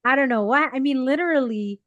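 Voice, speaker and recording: A middle-aged woman co-hosts a casual podcast chat and tells everyday stories with lots of energy. She acts out the people she quotes in her higher voice. The sound is dry and close, with no room around it. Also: brisk, a bit bright, no room sound, dull audio. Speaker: podcast co-host. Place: parents' house.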